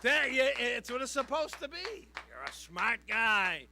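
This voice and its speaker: Give me a brash man telling stand-up jokes in a high voice. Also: sing-song, unhurried, vocal fry, pushed and bright, slight background noise. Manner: brash, punchy delivery. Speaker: stand-up comedian. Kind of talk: stand-up jokes and comic song.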